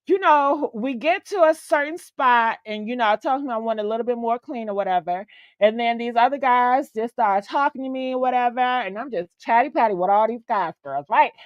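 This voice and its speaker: A high-pitched woman spills a long personal story to her stream audience, lively and profane, calling everyone "girl." Her voice comes through dull and lo-fi, with a dry sound and no room echo. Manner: animated, chatty, profane, keeps calling the listener "girl". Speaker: host. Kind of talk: casual storytelling on a live stream.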